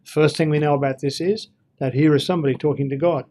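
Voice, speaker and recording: Guy w a slightly high voice doing a laid back bible lesson, lots of ums, reads verses with feeling. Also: fairly even intonation, fast talker, darkish tone. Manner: conversational, thinks aloud with fillers, reads verses aloud expressively. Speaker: Bible teacher. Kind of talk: informal Bible teaching.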